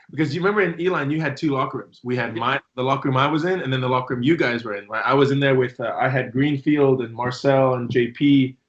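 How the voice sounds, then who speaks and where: A man hosting an interview, a former teammate who retells team stories quickly and animatedly, swearing casually. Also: mid-range voice, fairly bright tone. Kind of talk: casual conversation. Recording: dull lo-fi audio.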